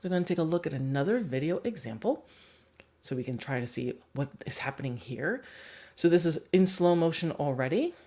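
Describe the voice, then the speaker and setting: A woman's voice: low voice, expressive, a little fast, dark tone. A woman dog trainer giving a chatty livestream teaching talk and laughing often.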